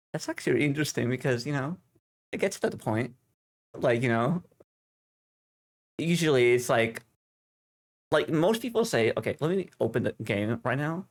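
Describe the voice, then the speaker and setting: Male streamer with a Finnish accent, native Finnish speaker, halting and chatty English, close desk mic. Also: medium pitch. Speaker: livestream host. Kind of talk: casual stream chat. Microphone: desk streaming microphone.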